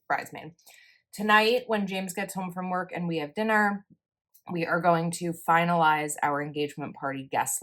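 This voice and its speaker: A young woman talks through her planner in a casual voice-over, chatty and a bit rambling, correcting herself as she goes. She's a planner vlogger with a deep voice and a fairly bright tone.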